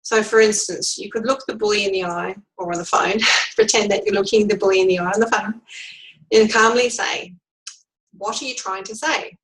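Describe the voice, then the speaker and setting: A woman coach giving a calm, measured instructional lesson on handling workplace bullies. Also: mid-range voice, rough recording. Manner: calm, measured, demonstrates sample replies.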